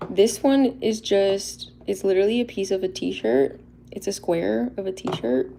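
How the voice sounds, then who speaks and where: Gravelly young woman, shy livestream chat. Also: mid-range voice, measured pace, mellow, a little hiss or hum. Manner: bubbly and a little shy, laughs often. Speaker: livestream host showing custom toy figures.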